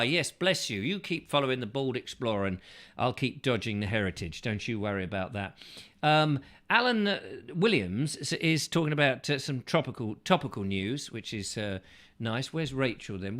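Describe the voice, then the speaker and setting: A man's voice: medium pitch, very animated, normal speed, fairly bright tone. A man hosting a casual show, reading out viewer comments in a playful, rambling way that keeps slipping into silly voices. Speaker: host.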